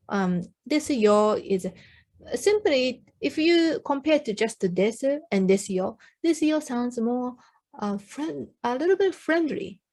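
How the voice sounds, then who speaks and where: A woman with a Japanese accent, a native Japanese speaker, tutoring beginners. She explains slowly in simple English with many ums and says phrases for learners to repeat. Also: on the high side, darkish tone. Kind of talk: online language lesson.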